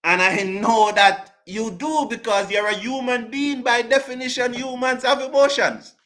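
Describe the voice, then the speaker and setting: A man's voice: very high voice, fairly even intonation, unhurried, fairly bright tone. A man hosting a cricket live stream, answering chat comments with passion, emphasis and lots of repetition. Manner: passionate, emphatic, repeats himself. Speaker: cricket show host.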